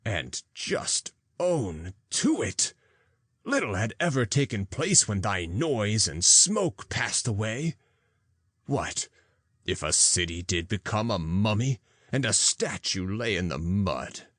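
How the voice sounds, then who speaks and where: Low-voiced guy reading an old book, slow and expressive, dry close sound. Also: no room sound. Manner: slow, deliberate, archaic. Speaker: audiobook narrator. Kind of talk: scripted narration.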